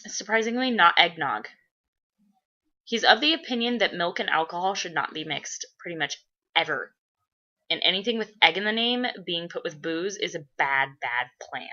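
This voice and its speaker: Woman vlogging, lowish bright voice, lots of ums and swearing, kinda muffled lo-fi audio. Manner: rambling and profane, with many fillers; bursts into loud excited gushing. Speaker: vlogger answering viewer questions. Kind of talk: casual chat. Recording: dull lo-fi recording.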